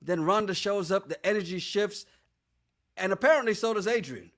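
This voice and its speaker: A man's voice: high voice, normal speed, a bit bright. A man co-hosting a podcast in casual chat, laughing often and reading out listener comments. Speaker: podcast co-host.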